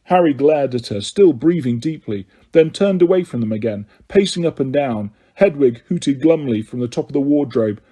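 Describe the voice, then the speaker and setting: Man narrating an audiobook, dark, husky, steady. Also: medium pitch, moderate pace, few pauses.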